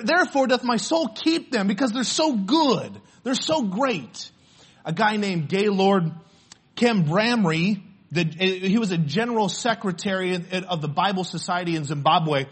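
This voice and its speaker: A man's voice: sits high, expressive, normal speed, slightly rough. A man preaching a sermon in church, earnest and storytelling, often restarting his words. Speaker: pastor.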